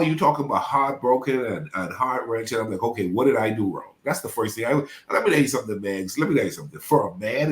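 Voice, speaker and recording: A man who is a pastor, telling a painful personal story as a podcast guest in an animated, preacher-like way. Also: mid-range voice, echoey room. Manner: animated, preacher-like, acts out quoted voices.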